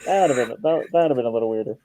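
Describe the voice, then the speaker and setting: A man's voice: medium pitch, lively intonation, racing, mellow, dry recording, rough recording. A man hosting a stream in casual, joking chat, swearing and laughing often. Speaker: stream host.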